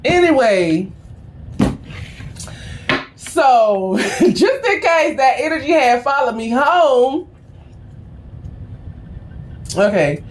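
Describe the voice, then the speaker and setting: A woman's voice: sits high, sing-song, very slow, long pauses. A middle-aged woman, a tarot reader, telling a story in a casual, slangy and profane way before her reading.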